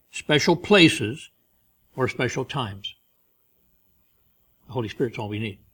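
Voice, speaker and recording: A man preaching a sermon, pressing key phrases slowly and loudly, then dropping quiet for stories. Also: medium pitch. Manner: emphatic, slows and rises on key phrases, drops soft for stories.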